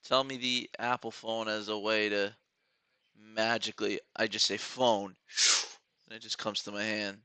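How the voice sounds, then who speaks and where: A man's voice: lowish voice, little pitch movement, unhurried, bright, forceful tone, clean tone, no echo. A man hosting a live trading stream, rambling casually to his viewers while watching charts.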